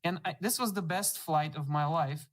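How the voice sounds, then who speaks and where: A man hosts a relaxed conversation and tells a story about a training session. He acts out the people in it with lively voices, often stopping to restart his sentences. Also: fairly high pitch, moderate pace, low-quality recording. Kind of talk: conversational anecdote.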